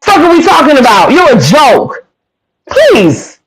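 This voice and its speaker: A woman's voice: high-pitched, huge pitch swings, unhurried, poor audio. A woman ranting on a live stream, cursing, combative and repeating her insults. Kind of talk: heated rant.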